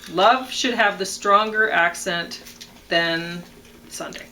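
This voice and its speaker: A woman with a bright, clear voice talks through song lyrics in a loose, chatty way. She reads a line, pauses on fillers, then says which word should get the accent. Faint noise sits under the recording. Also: mid-range voice, rough recording. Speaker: podcast co-host reviewing songs. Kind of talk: casual analytical chat.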